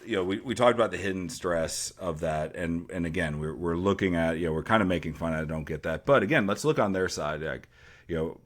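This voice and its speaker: A man with a deep voice, a teacher co-hosting a casual podcast chat and telling stories with dry sarcasm. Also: fairly quick. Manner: dry sarcastic humor, storytelling with acted quotes.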